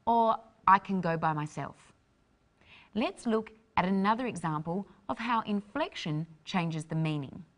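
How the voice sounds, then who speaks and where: A woman hosting an English lesson, explaining in a clear, careful scripted delivery. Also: on the low side, expressive, unhurried. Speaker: host, English teacher.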